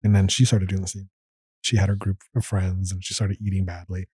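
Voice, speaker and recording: A man in his thirties tells his story as a podcast guest, talking quickly and acting out what he was thinking back then. His voice sits fairly low and sounds very dark and mellow. The recording is dry and close. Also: husky, no room sound. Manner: animated, acts out his own past thoughts. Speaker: guest, gastroenterology fellow. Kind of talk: casual interview storytelling.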